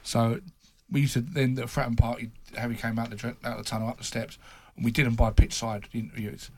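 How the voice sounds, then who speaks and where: A man's voice: mid-range voice, level tone, a little fast, a little mellow. A man, a football journalist, telling anecdotes in casual chat and laughing at his own impressions.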